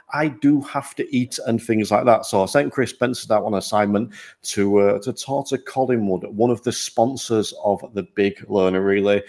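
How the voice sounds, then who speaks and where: A man hosting a podcast, upbeat and self-deprecating, with lively jumps in pitch. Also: vocal fry. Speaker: podcast host.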